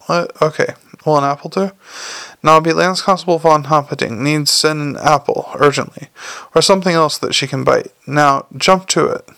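A man's voice: fairly high pitch, moderate pace, creaky, fairly bright tone, no echo. A man voicing a brusque young female werewolf police sergeant who gives curt commands in an audiobook. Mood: exasperated. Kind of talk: audiobook character voice.

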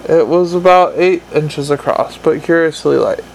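Male audiobook narrator with a gravelly voice. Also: on the high side, normal speed, slight background noise, poor audio. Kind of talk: fiction narration.

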